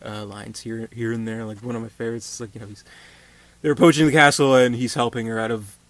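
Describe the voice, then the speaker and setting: A man's voice: medium pitch, fairly even intonation, fast talker, fairly bright tone. A man giving a casual movie review, rambling with many fillers and restarts.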